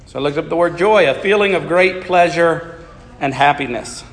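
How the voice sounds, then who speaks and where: A man preaching a sermon as pastor, reading scripture aloud and explaining it in a steady manner. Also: on the high side, moderate pace, long reverb tail.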